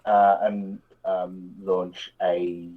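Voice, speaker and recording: A man's voice: low-pitched, flat delivery. A man playing a tabletop game, speaking hesitantly and filling gaps with ums and uhs. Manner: hesitant, drawn-out, with fillers. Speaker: player. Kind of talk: casual tabletop game play. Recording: dull, muffled mic.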